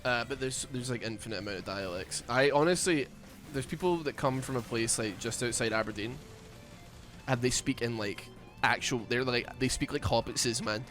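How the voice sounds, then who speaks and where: Rambling Scottish man, bright voice. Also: mid-range voice, normal speed, faint music behind. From Scotland. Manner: rambling, jokey, thinks aloud with many restarts. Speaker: streamer playing a video game. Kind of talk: casual gameplay chat.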